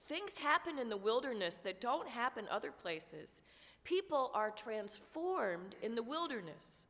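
A woman pastor preaching a sermon while fighting a cold, in a slow, measured, prayerful way. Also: on the high side, sing-song, fairly bright tone. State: has a cold, coughing. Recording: long church reverb.

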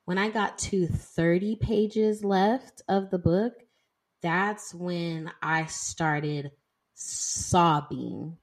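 Young woman co-host with a lowish voice, chatty and loose in a casual book talk. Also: extremely slow. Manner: chatty, heavy use of "like" and "y'all". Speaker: podcast co-host.

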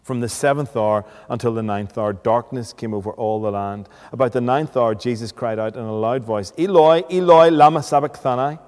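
A man preaching a sermon, speaking deliberately and posing rhetorical questions. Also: fairly low pitch, fairly even intonation, a little mellow. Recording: long reverb of a hall.

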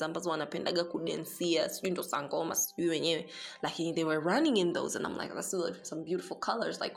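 A woman's voice: on the low side, a bit bright. A young woman telling a story casually, chatty and profane, switching between Swahili and English.

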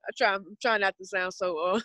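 A woman's voice: medium pitch, steady tone, fairly quick, pushed and bright, no echo. Dry-voiced young Southern woman. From Southern United States. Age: 20s. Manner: rambling, earnest, talks about spirituality. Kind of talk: casual podcast chat.

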